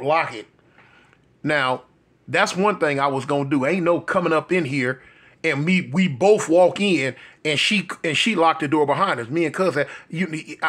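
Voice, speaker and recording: Bright-voiced man telling a comic story. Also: sits high. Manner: animated, slangy, jumps into quoted voices. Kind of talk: comedic storytelling.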